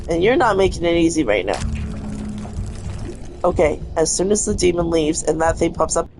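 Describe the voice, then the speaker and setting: A woman's voice: fairly low pitch, vocal fry, a little mellow. A young woman giving live gameplay commentary, frustrated and cursing at the game as she plays. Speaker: gaming streamer.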